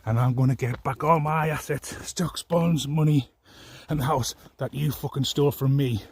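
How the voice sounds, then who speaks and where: A man's voice: mid-range voice, steady tone, normal speed, a little mellow, slightly rough. A man ranting angrily to the camera in a rambling, profane, aggrieved way. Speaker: vlogger. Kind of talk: angry personal rant.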